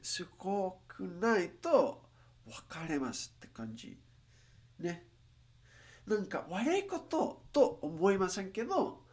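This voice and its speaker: Lively streamer thinking aloud. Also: mid-range voice. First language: not English. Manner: thinks aloud with frequent restarts, halting fillers when speaking Japanese. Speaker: livestreamer learning Japanese. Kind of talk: casual livestream chat.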